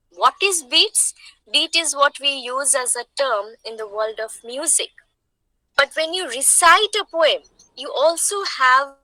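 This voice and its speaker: A woman's voice: high voice, sharp tone, no echo, low-quality recording. A woman from India with an Indian English accent, teaching a class. She explains patiently, repeats her points and asks the students questions. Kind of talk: online lecture.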